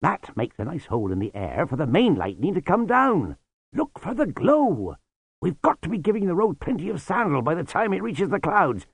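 A man reading aloud, putting on a gruff, bossy old male sweeper who calls people lad. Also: fairly high pitch, big pitch swings, moderate pace, no echo, pitched above the performer's own voice, exaggerated voice. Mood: urging. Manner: commanding, blunt, calls others lad.

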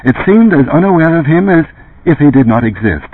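A man narrates an audiobook with a lively, swinging pitch and a slightly husky voice. The recording is dry and close, with a tinny, phone-like narrowness. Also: brisk, no room sound. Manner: expressive, varied delivery.

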